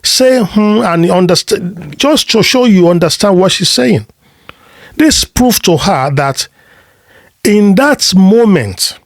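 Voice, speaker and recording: A man coaching listeners on relationships, speaking slowly in short, emphatic phrases. His voice sits a little high and swings widely in pitch. Rhetorical questions and repeated words when he restarts a thought mark his delivery, and the sound is dry and close. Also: no room sound. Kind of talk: motivational advice talk.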